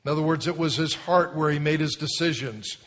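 A man's voice: a little high, a little fast, fairly bright tone, big-room sound. A man preaching a sermon as pastor of a church, speaking emphatically and leading the congregation to repeat phrases after him. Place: church sanctuary.

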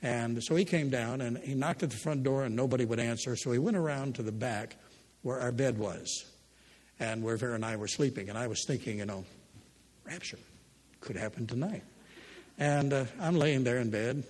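Husky older man preaching in a reverberant hall. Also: mid-range voice, normal speed, a little mellow. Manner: folksy storytelling, humorous asides. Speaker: pastor. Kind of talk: sermon with scripture reading.

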